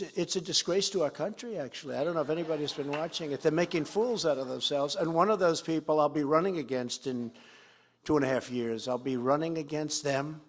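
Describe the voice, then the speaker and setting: A man in his seventies giving a campaign speech at a fundraiser, repeating phrases emphatically and swinging between loud and quiet. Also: medium pitch. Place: fundraiser event.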